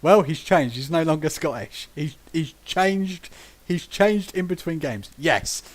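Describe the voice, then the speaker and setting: A man's voice: fairly high pitch, a little slow. A man from Britain hosting a casual podcast, telling tabletop game stories with acted-out quotes and frequent laughter. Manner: animated storyteller who acts out quotes and laughs often. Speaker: podcast host.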